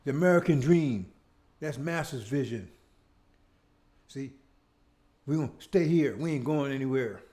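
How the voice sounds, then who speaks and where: A man's voice: medium pitch, expressive, a little slow, long pauses, dark tone. A man preaching a monologue who talks with heavy emphasis, repeats himself and keeps asking "See?". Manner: emphatic, repetitive, asks "See?" often; rhetorical questions and mocking asides. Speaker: speaker leading his own show.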